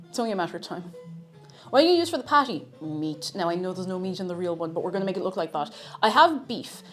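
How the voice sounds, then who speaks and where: A woman streaming herself cooking at home, chatting playfully and rambling while she reads out chat messages. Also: medium pitch.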